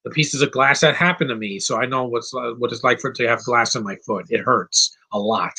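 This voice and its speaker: A man's voice: medium pitch, fast, vocal fry, sharp tone, husky. A man giving casual live commentary over a film, opinionated and rambling, with frequent fillers and restarts. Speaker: movie commentary host.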